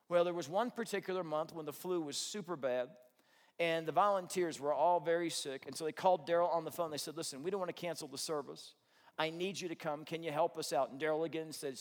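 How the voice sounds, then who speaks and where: A man preaching a sermon, telling a story with earnest, animated delivery. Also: on the high side. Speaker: pastor. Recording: long hall reverb.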